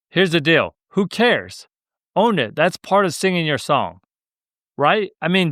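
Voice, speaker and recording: A man's voice: mid-range voice, a bit bright, clear, resonant tone, dry recording, clean studio sound. A young man hosting a podcast, telling stories in a laid-back, joking way. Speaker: podcast host. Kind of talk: casual storytelling monologue.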